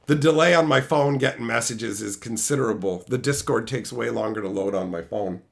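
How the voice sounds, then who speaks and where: A man's voice: mid-range voice, fairly quick, gravelly. A man telling brash, profane stories in a casual stream chat. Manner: profane, brash, animated storytelling.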